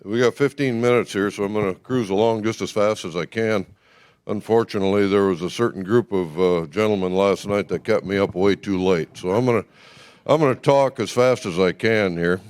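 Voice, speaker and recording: A man giving an informal, brisk and folksy talk at a party convention, full of fillers, speaking without a microphone. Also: on the low side, darkish tone, clear, resonant tone, no echo.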